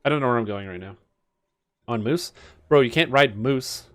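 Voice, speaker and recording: A young man with a Canadian accent chats through a game stream in a rambling, jokey, self-mocking way. His voice sits at an ordinary middle pitch, and faint music runs quietly underneath. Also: normal speed. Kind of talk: casual gaming commentary.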